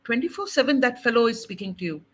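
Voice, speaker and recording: A woman sharing her faith testimony in an animated, laughing way. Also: on the high side, fast talker, low-quality recording. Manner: animated, laughing often, dramatic quoting.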